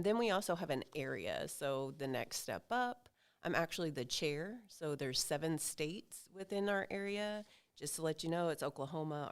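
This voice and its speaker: A woman's voice: low-pitched, clear, resonant tone. A woman guest on a podcast, explaining an organization's work in a matter-of-fact way. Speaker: guest, association officer. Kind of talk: casual podcast interview.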